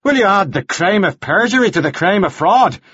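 A man's voice: sits high, sing-song, normal speed, a bit bright, slightly rough, dry recording, lo-fi sound, voice pushed up, full character voice. A man reading an audiobook, playing a stern male clergyman who speaks in formal, reproving sentences.

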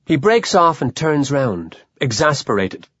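A man's voice: medium pitch, very animated, a little slow, a bit bright, slightly rough, no echo, highs cut off. Wry male audiobook narrator.

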